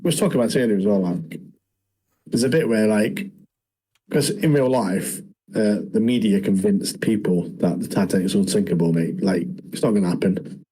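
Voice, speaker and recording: A lowish, husky male voice, mellow rather than bright. He rambles loosely through casual podcast chat as a co-host and tags "mate" onto almost every line. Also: normal speed, low-quality recording. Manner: rambling, says "mate" constantly.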